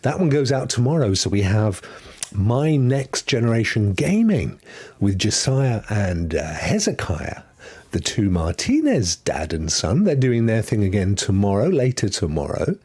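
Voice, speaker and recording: Middle-aged guy rambling on his live stream, low husky voice, bounces up and down a lot. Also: big pitch swings, a little slow, darkish tone. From London. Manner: chatty, rambling, drops into whispered asides. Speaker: host. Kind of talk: casual live-stream chat.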